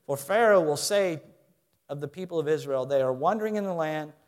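High-voiced animated male preacher. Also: brisk. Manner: animated, swings from quiet to loud; asks the audience questions. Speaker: pastor. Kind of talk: sermon.

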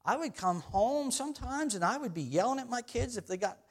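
In an animated, brisk manner, a middle-aged pastor with a fairly high voice preaches a sermon. He keeps it loose and conversational with his congregation, often laughing and making fun of himself.

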